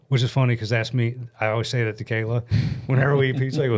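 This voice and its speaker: A man in his forties from the United States, telling a story as a podcast guest in a blunt, animated way and swearing freely, into a studio mic. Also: medium pitch, quick pace, hardly any pauses. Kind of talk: casual storytelling chat. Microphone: studio mic on a stand.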